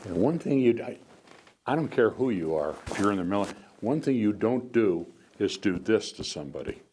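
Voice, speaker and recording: Lowish, a little mellow and slightly fast, his voice is animated as he rambles through stories for an audience. The speaker is a veteran American guest in his seventies who frequently restarts sentences and leans on fillers, with faint background noise in the recording.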